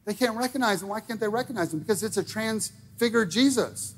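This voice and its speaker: A man preaching a sermon in a church, talking casually with lots of "like", rising to shouted peaks and dropping to quiet asides. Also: sits high, fairly quick, slightly rough. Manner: casual wording with many fillers like "like". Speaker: pastor. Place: church sanctuary.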